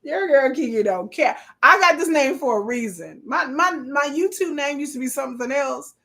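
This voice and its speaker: A woman, probably in her thirties, hosting a casual live stream and telling sassy, animated stories with bursts of laughter. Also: high-pitched, normal speed. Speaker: livestream host.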